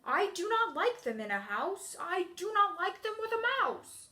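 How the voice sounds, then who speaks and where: A woman's voice: very high-pitched, big pitch swings, unhurried, sharp tone, full character voice. Woman doing a grumpy storybook character. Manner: grumpy, insistent refusals. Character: grumpy stubborn picky-eater character.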